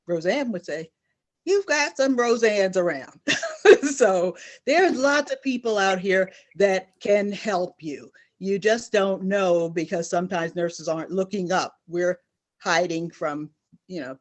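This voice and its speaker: A middle-aged woman speaks as a nurse guest on a panel, earnest and emphatic. She leans on her key phrases and says them again for weight. Her voice sits at an ordinary middle pitch. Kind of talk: personal testimony in a panel discussion.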